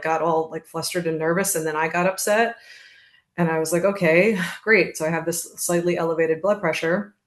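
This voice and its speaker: A woman as a podcast guest, telling her birth story in a candid, steady way and acting out what others said. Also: lowish voice, echoey room. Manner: candid, steady narration with reenacted quotes. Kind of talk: conversational storytelling.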